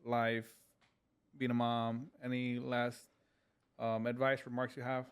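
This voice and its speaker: A man hosting a casual podcast interview who talks in a relaxed, hesitant way with plenty of fillers. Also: medium pitch, takes it slowly, smooth. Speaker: podcast host.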